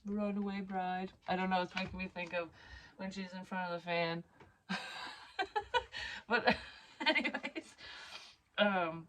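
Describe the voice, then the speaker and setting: A middle-aged psychic medium vlogs casually to her camera, rambling, swearing casually, and using plenty of fillers like "like" and "you know." Her slightly low voice has a fairly bright tone, and she slows down when reading cards aloud.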